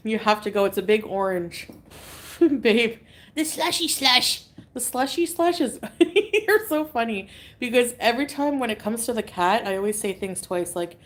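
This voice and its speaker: A woman from Canada chatting casually on a livestream, reading out viewer comments, giggly and drifting between topics. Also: fairly high pitch.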